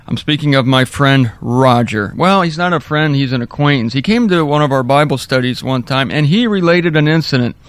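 A man's voice: medium pitch, smooth, no echo. Wry man teaching from scripture. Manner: wry, chatty asides between readings. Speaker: Bible teacher.

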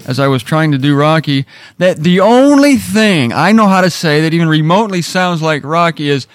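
A man's voice: a little high, expressive, moderate pace, dry recording, clean studio sound, soft background music. A middle-aged man hosting a casual devotional talk, telling self-deprecating stories. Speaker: radio host.

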